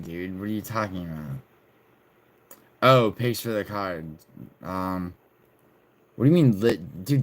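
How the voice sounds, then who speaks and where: A male streamer with a very low voice chats loosely with his viewers. He banters and swears freely as he reads their messages aloud. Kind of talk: casual livestream chat reading viewers' messages.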